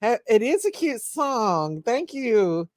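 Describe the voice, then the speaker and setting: A woman's voice: on the high side, very animated, slow pace, no echo. A woman hosting a casual livestream, chatting, laughing and greeting viewers by name. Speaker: livestream host.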